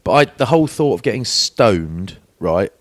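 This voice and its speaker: Deep-voiced man in his forties. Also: very animated, moderate pace, dry recording, clean studio sound. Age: 40s. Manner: chatty storyteller, acts out quoted voices. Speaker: podcast co-host. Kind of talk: casual chat.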